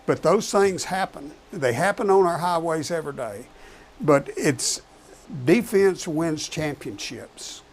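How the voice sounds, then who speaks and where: A man's voice: a little high, moderate pace, slight background noise. A man who is a professional truck driver, talking casually and repeating his key points for emphasis. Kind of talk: casual talk show chat.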